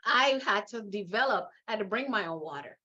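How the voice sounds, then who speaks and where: A middle-aged woman from Guyana with a Guyanese accent, telling her story as an interview guest in an emphatic, animated way, laughing often. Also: medium pitch, a little fast, breathy edge, dull audio. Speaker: guest, leadership coach.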